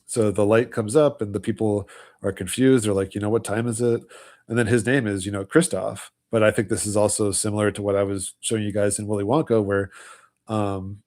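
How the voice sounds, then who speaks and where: A man hosting a casual livestream, hoarse with his voice almost gone, tired, rambling through loose explanations. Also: fairly low pitch, steady tone, fairly quick, a little mellow. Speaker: livestream host.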